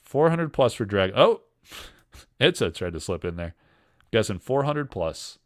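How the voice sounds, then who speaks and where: A man's voice: on the low side, sing-song, measured pace. A man hosting a casual livestream, joking and rambling while he reads chat comments aloud. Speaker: livestream host selling card breaks.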